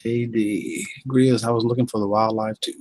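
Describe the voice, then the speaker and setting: A man's voice: lowish voice, fairly even intonation, normal speed, a little mellow, low-quality recording. A man from North Carolina with a Southern accent, hosting a casual live-stream chat in a folksy, drawling way and reading viewers' comments aloud.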